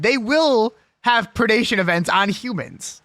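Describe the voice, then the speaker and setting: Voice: mid-range voice, very animated, moderate pace, pauses often, a bit bright, no room sound, studio quality. A live streamer chatting casually with their audience, ranting and swearing in a jokey, argumentative way. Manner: rambling, jokey.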